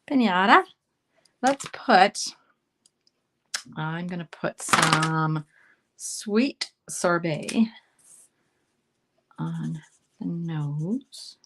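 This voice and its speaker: A woman from Canada giving a casual live card-making demonstration, chatting and thinking aloud as she colors, often dropping to a soft murmur. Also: lowish voice, animated, drawn-out words, pauses often, slight background noise.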